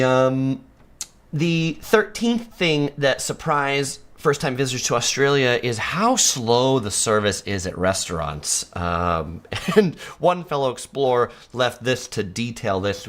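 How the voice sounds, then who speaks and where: A man's voice: mid-range voice, fairly bright tone. A man from San Diego hosting a live stream, chatting easily and laughing often as he reads viewer comments. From United States (San Diego).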